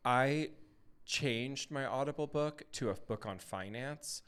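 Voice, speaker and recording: A man's voice: mid-range voice, slow, fairly bright tone, smooth. A man co-hosting a podcast, chatting casually in a rambling, self-interrupting way. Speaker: podcast co-host. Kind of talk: casual chat.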